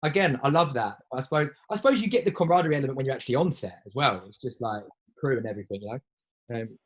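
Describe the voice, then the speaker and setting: A man's voice: medium pitch, very fast, slightly rough, low-quality recording. A young man talking casually in an interview, easygoing and a little hesitant as he hunts for his words. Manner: easygoing, hesitant, many fillers and restarts. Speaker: actor, interviewee.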